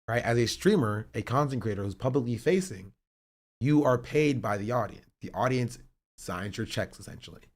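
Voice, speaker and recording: A man streaming live, reacting to clips with blunt, profane commentary that swings from measured to fired up. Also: on the low side.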